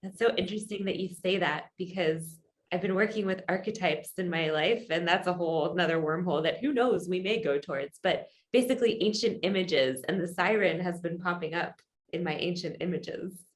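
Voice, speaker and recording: A woman's voice: fairly low pitch, normal speed. A woman, a yoga teacher and musician, talking candidly and at length as an interview guest. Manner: candid, rambling, thoughtful. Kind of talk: casual interview chat.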